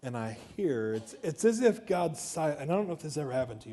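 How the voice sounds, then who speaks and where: A middle-aged man, preaching a sermon as pastor and telling a story with swings from quiet talk to shouting. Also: a little high, big pitch swings, fast, hardly any pauses. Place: church sanctuary.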